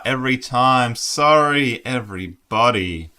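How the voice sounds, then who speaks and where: A man's voice: sits low, slow, pauses often, bright, forceful tone. A man streaming word games, chatting casually and thinking aloud while laughing at himself. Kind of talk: casual live-stream commentary.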